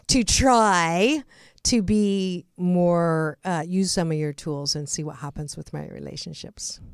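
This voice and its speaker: A woman's voice: lowish voice, slow, gravelly, clean tone, dry recording, studio quality. A middle-aged woman hosting a radio interview, chatty, laughing at herself and restarting sentences. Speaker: host.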